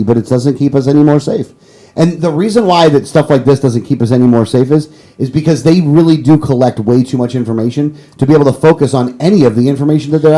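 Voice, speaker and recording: Male talk host with a mellow, fairly high voice who rants hard and then apologizes. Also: poor audio. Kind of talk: political talk show.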